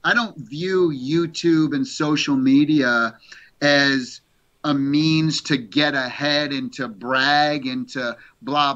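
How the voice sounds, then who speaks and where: Give me a middle-aged man telling animated stories in a casual interview, with a bright, slightly high voice. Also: lo-fi sound. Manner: animated storyteller, repeats words. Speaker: guest.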